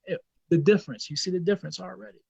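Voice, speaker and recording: High-voiced blunt American man. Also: racing, creaky, slightly rough, highs cut off. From United States. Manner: animated, blunt, repeats himself for emphasis. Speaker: guest Islamic scholar. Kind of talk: impassioned interview talk.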